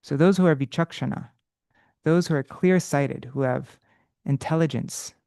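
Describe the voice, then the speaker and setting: A man leading an unprepared live study session, thinking aloud with halting restarts and self-corrections, now and then chanting verses slowly. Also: fairly high pitch, creaky, mellow, dry recording, studio quality. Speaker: teacher of scripture study.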